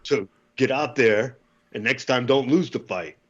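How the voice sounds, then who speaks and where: A man imitating a stern, low-voiced male drill instructor who speaks in a flat, commanding tone. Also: measured pace, slightly rough, highs cut off.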